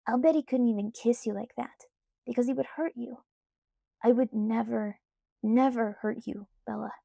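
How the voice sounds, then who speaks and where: A woman's voice: on the high side, steady tone, vocal fry, warm tone, dry recording, clean studio sound. Jacob, a cocky teenage boy, as a woman reads him. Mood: coaxing. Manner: easygoing, coaxing, unhurried.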